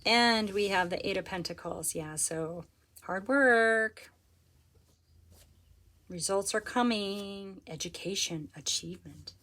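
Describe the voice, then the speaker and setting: A woman giving a pick-a-card tarot reading to her viewers. She is earnest and excitable, and often stops to rephrase herself. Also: mid-range voice, slow, a little hiss or hum. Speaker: tarot reader.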